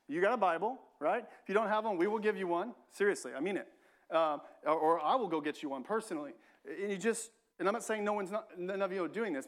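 A male pastor preaching a sermon in a church, talking in a conversational way, repeating phrases and adding frequent "right?" asides. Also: high-pitched.

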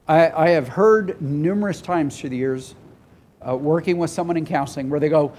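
A man's voice: fairly high pitch, moderate pace, darkish tone. A man preaching a sermon as a pastor, earnest and emotional, at times tearful, repeating phrases for emphasis. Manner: emphatic repetition, voices God and people in quotes.

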